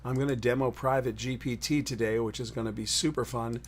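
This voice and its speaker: Male host for a live web show, loose and chatty, greets viewers, average pitch. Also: fairly even intonation, brisk, slight background noise. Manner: rambling, greets viewers in chat. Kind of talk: upbeat live-stream chat. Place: in New York City.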